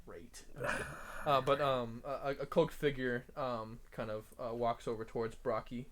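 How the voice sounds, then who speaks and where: A man's voice: medium pitch, fairly even intonation, moderate pace, background noise. A man narrating as game master in a tabletop game, talking casually with lots of fillers. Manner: casual, filler-heavy, laughs often.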